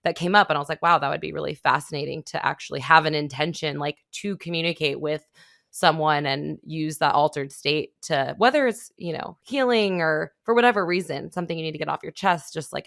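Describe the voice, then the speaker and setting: A woman's voice: sits low, a little fast, gravelly, no room sound. Young woman hosting a podcast, dry sound. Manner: animated storytelling, with laughs and acted-out quotes. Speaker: podcast host. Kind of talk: conversational interview.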